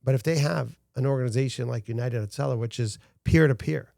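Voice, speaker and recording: Gravelly, mellow-voiced man telling stories. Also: mid-range voice, a little fast, no room sound, studio quality. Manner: earnest storytelling, frequent restarts. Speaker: guest, founder of a rescue organization. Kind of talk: casual interview talk.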